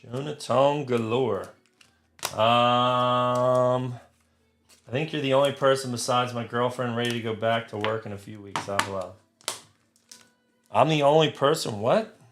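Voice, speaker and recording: A man hosting a live trading card break, talking crudely and getting excited, shouting over big pulls. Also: medium pitch, measured pace, long pauses, faint music behind.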